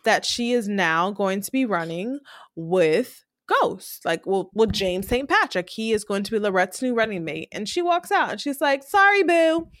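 A woman co-hosting a podcast, recapping a TV episode in casual chat and acting out the characters' lines in quick voices. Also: mid-range voice, animated, no room sound, studio quality.

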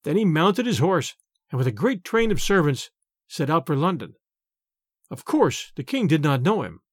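Lively high-voiced man reading a story. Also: no room sound, studio quality. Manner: expressive, measured reading. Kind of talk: scripted storybook narration.

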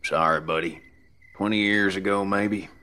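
A man voicing a heavyset, crude middle-aged man who jokes roughly and swears freely. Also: sits low, steady tone, normal speed, pushed and bright. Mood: sheepish joking. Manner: joking, rough, profane.

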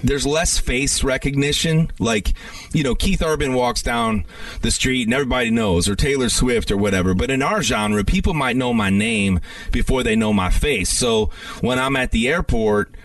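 A man's voice: medium pitch, normal speed, a bit bright, no echo, recorded from a distance. A man who is a guest singer-songwriter, telling stories earnestly and reflectively in a casual interview.

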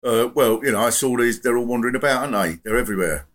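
A man's voice: mid-range voice, rapid-fire, fairly bright tone, natural voice. Man playing a grumbling caller ranting on. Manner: rambling, evasive, indignant. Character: grumbling middle-aged male radio caller, bigoted and muddled. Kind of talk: improvised comic role-play.

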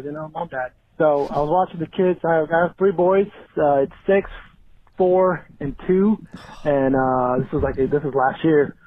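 A man in his thirties, a father, leaves a rambling, relaxed voicemail telling a story. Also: fairly high pitch, a little hiss or hum. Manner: relaxed, rambling, with many fillers. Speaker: caller. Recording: tinny phone voicemail.

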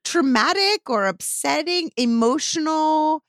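Very high, lively woman co-host. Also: slow pace, no room sound, studio quality. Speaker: podcast co-host. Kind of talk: casual interview chat.

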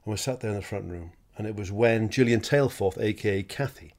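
A man co-hosting a podcast, swearing freely and telling an animated comic story. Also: on the low side, fairly quick. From Wales. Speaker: podcast co-host. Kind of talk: casual comedy chat.

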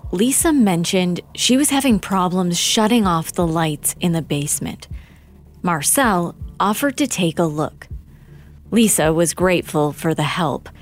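A woman with a low voice narrates a true-crime documentary at a very slow, unhurried pace. Her delivery stays measured and grave. Faint music sits under her narration.

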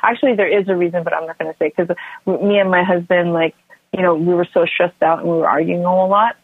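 A woman's voice: lowish voice, fast talker, dry recording. A woman in her thirties, a podcast guest, telling a birth story in casual chat and acting out her family's voices. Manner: animated, acts out family members' voices. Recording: tinny phone-line sound, dry.

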